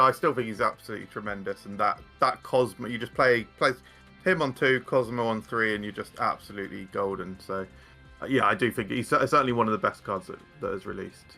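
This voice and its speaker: A man's voice: on the low side, gravelly, bright, forceful tone. A man chatting casually as a guest, rambling with frequent fillers and restarts. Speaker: guest card game content creator. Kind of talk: casual chat.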